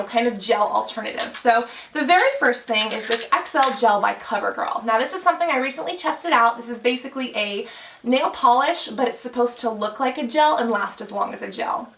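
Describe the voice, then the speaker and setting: A woman's voice: a little high, gravelly, pushed and bright, reverberant, distant mic, slight background noise. A woman beauty vlogger talking casually to camera, chatty, thinking aloud with many fillers. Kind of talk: casual explainer talk to camera.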